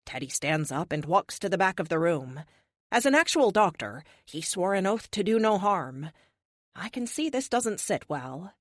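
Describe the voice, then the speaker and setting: A lively woman narrates an audiobook in the first person. Her voice is lowish and her pace moderate, recorded dry with studio quality.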